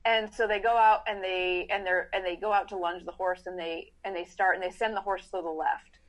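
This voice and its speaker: A middle-aged woman horse trainer, a podcast guest, explaining training in casual, animated chat and acting out riders' thoughts in quick asides. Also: mid-range voice.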